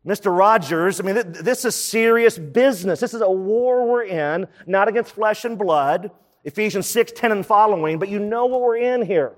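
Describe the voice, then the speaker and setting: A man delivers a sermon in a conversational preaching style, his voice sitting a touch high. He drops in quick asides between his points. The sound carries the long reverb of a large hall. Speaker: pastor.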